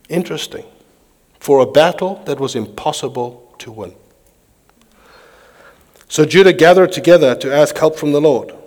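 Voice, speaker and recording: A man preaching a sermon, reading scripture aloud with animated delivery while pacing. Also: medium pitch. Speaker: pastor. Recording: long hall reverb.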